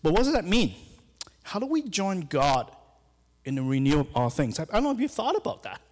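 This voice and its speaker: A man's voice: on the high side, sing-song, fairly quick, a little mellow. A middle-aged man, a hospital chaplain giving a sermon in a church, speaking hesitantly with many fillers and restarts. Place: church sanctuary. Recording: long hall reverb.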